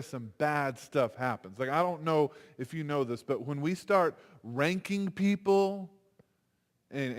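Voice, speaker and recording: Man, chapel speaker, casual animated sermon delivery, slightly high voice, long hall reverb. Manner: animated, conversational preaching with acted-out quotes. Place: university chapel.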